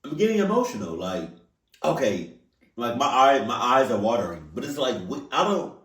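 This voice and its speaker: A man's voice: mid-range voice, normal speed, far from the mic. A man hosts a reaction video, his voice leaping up and down as he stumbles over words and repeats himself. The sound rings around a bare, echoey room, and the mic sits a fair way off. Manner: animated, stammering, repeats himself. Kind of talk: casual reaction commentary.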